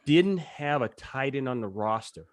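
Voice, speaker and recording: Animated man telling a lively story. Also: mid-range voice, measured pace, no room sound. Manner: animated storyteller, laughs often. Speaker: podcast co-host. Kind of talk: casual sports chat.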